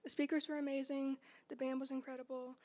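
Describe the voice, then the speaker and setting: Teen girl, church testimony, very high but mellow voice, reads prepared words. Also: little pitch movement, fast talker. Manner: reads prepared remarks, earnest. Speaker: youth group member.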